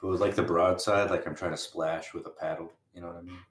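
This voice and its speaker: Very deep-voiced man with wry banter. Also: flat delivery, fast, echoey room. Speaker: player. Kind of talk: casual tabletop play.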